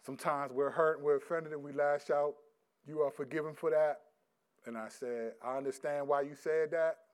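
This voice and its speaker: A middle-aged male pastor preaching a sermon, reading scripture loudly and slowly, then dropping into quiet, casual stories about his sons. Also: on the high side, steady tone, clean tone. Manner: swings from loud emphatic scripture reading to quiet storytelling.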